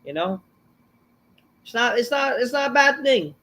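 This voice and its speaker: A man's voice: very high voice, animated, unhurried, sharp tone. A man hosting a casual review of a wrestling show, rambling and swearing. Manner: rambling, profane, full of fillers and restarts. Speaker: show host.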